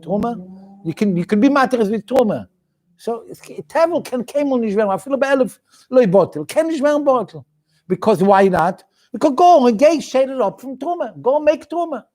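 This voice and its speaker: A male rabbi leads a weekly study class in English with a strong Yiddish flavor. His voice sits high, and he moves through the material in a sing-song study cadence, thinking aloud and restarting phrases as he goes. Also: a little mellow. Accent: Yiddish-inflected English. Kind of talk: Talmudic study lecture.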